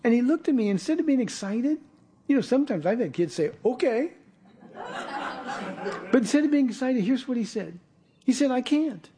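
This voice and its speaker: A man's voice: extremely high pitch, animated, fast talker, dark tone. A man preaching a sermon as pastor, earnest and repeating his words as he starts a thought. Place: church.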